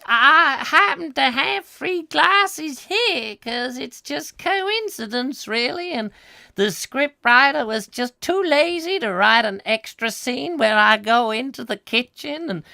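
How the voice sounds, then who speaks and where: A woman's voice: a little high, sharp tone, no echo, studio quality, full character voice. A woman voicing a chatty, rambling mother in a comic sketch, wandering off into long asides. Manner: rambling, self-mocking, gravelly.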